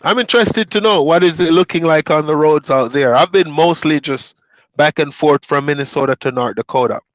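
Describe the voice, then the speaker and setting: A man's voice: on the high side, a little fast, no echo, lo-fi sound. A man from Jamaica who drives trucks, chatting casually to his viewers and rambling through road stories with plenty of fillers. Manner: relaxed, rambling storytelling with fillers.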